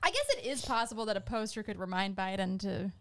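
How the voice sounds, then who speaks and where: A woman's voice: mid-range voice, fast talker, a bit bright. A woman co-hosting a casual comedic podcast, answering with short dry remarks and frequent laughter. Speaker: podcast co-host.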